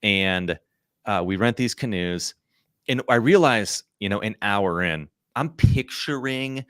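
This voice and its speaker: Man in his thirties, guest telling an adventure story, rambling, lots of fillers, lively, close dry recording. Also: on the low side, takes it slowly, dry recording. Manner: animated, rambling with many "like" and "you know". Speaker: podcast guest. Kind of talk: casual storytelling.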